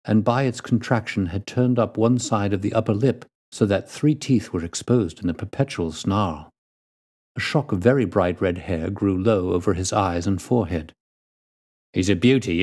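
A man reading a classic detective story aloud as storyteller, in a measured and deliberate way. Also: lowish voice, a little mellow.

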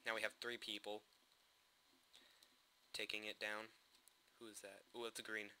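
A man casually commentating his own gameplay, excitable and jokey, with quick bursts of alarm. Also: fairly low pitch, slight background noise.

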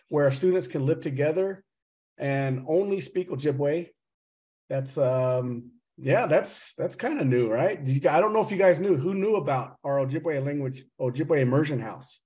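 A man's voice: a little high, normal speed, mellow. A middle-aged man from Oklahoma with a slight Southern drawl, a professor giving a casual, joking talk over a video call. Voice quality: chatty, teasing, loose and joking. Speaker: associate professor and speaker.

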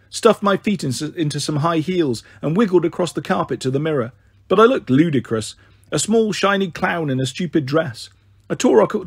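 Male storyteller reading a children's novel; steady and expressive, slightly raised pitch, husky edge. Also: no room sound, clean studio sound. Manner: steady, expressive first-person narration. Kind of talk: children's book read aloud.

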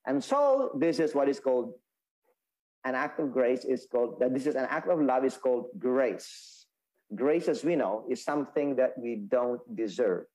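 A man teaching a Sabbath school Bible lesson, explaining slowly with many restarts and fillers. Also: mid-range voice, darkish tone, poor audio. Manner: explaining, repeats and restates points, halting with fillers.

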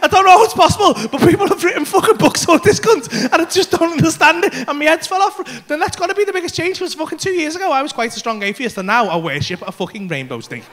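High, fast-talking comic. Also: male voice, a little hiss or hum. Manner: animated, sweary storytelling with loud outbursts. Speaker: stand-up comedian. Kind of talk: stand-up comedy routine. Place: comedy club stage.

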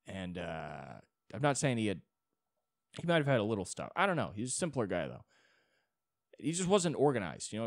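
A man's voice: fairly low pitch, no room sound, clean studio sound. A young man hosting a solo podcast, rambling in a casual monologue with many restarts and frequent swearing. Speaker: podcast host.

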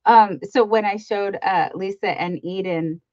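A woman's voice: mid-range voice, measured pace, a little mellow, dry recording, dull audio. A woman hosting a live crafting stream, chatting casually and reading out viewer comments as she greets them by name.

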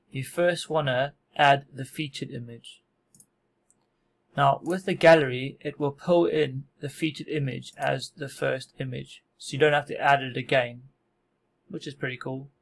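A man casually walking through a software tutorial, relaxed and self-deprecating, with frequent fillers and restarts. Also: mid-range voice, measured pace, gravelly, long pauses. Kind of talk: casual screen-recorded tutorial.

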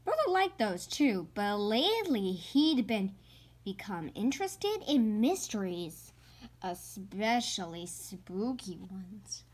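Woman reading a picture book, slow, careful, lively pitch, hushed at quiet parts. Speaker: storybook reader.

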